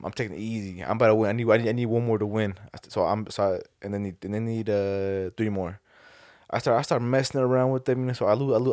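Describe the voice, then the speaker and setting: A man's voice: on the low side, darkish tone, no room sound. A man co-hosting a podcast, telling stories in casual slangy talk with many restarts. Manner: fast, slangy storytelling with lots of restarts. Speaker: podcast co-host. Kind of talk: casual chat.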